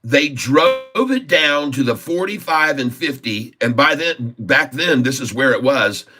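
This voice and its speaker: Over music, a man with a medium-pitched, expressive voice speaks a little slowly as he hosts a stock trading livestream. He gives casual, emphatic market commentary, repeats himself, and keeps addressing the audience as "folks."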